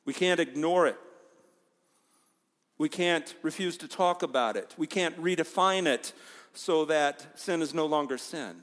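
A man's voice: fairly high pitch, unhurried. Male pastor preaching in a reverberant hall. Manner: emphatic preaching, swings between loud stresses and quiet asides. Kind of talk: sermon.

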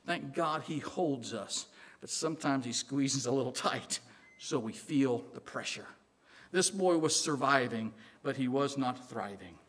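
Medium in pitch and a little slow, this man from Illinois speaks with a Southern accent. He's a pastor preaching with animation and humor, falling quiet for emphasis.

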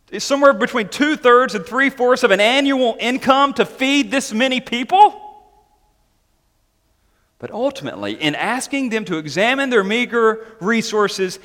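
A man preaching a sermon, animated and emphatic, mixing scripture reading with chatty asides and questions to the congregation. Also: high-pitched. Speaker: pastor. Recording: long hall reverb.

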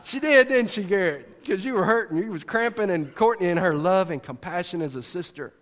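Animated pastor in a reverberant hall. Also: male voice, high-pitched, fairly quick, a little hiss or hum. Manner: animated, swings from excited shouting to soft earnest tones. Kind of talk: sermon. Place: church.

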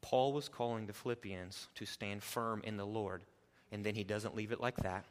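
A man preaching an expository sermon, moving between quiet explanation and loud, emphatic urging. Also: fairly low pitch, fairly even intonation, normal speed, big-room sound. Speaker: pastor.

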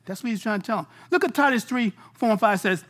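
A man preaching a sermon in a casual, slangy way, moving between loud bursts and hushed lines. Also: high voice, quick pace.

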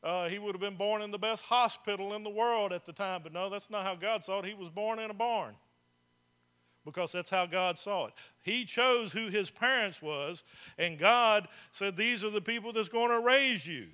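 A man's voice: high voice, normal speed, sharp tone, smooth. A man preaching a sermon as pastor, talking to the congregation in a conversational way, asking them questions and repeating phrases for emphasis.

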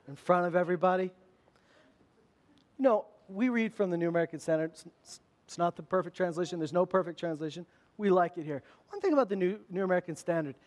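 A man preaching a sermon to his church in a conversational, animated way, with emphatic rises in his voice. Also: high-pitched. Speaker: pastor.

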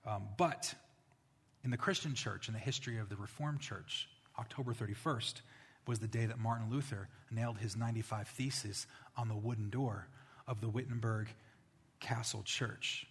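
A man preaching a sermon as pastor, telling stories and growing animated when he quotes others. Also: lowish voice, normal speed, breathy edge, long reverb tail.

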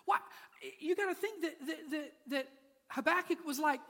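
A man's voice: extremely high pitch, moderate pace, bright, forceful tone. A man preaching a sermon in a church, moving from playful asides to intense, rising appeals. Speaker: pastor. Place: church sanctuary. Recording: large hall with long reverb.

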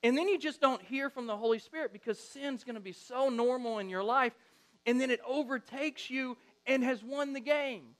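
Man, middle-aged, pastor, sermon, high voice, animated storytelling. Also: moderate pace. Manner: animated storytelling, acts out quotes.

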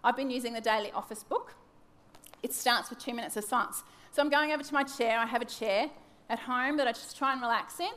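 A woman in her thirties gives a devotional teaching talk with a fairly high voice. She speaks candidly and pokes fun at herself. She acts out her own wandering thoughts. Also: a little fast, a bit bright. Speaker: church teacher.

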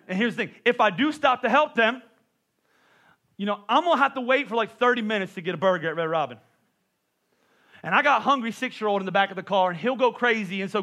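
A middle-aged man preaches a sermon at a quick clip, his voice bright and fairly high. He tells everyday stories with animated asides aimed at the congregation. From Pennsylvania. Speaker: pastor.

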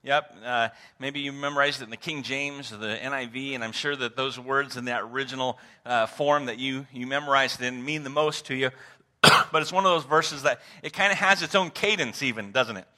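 Pastor guy preaching, bright tone, asks the crowd stuff, gets dramatic. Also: mid-range voice, brisk. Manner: conversational, asks the congregation questions, repeats words; animated, dramatic emphasis. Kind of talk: sermon. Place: church sanctuary.

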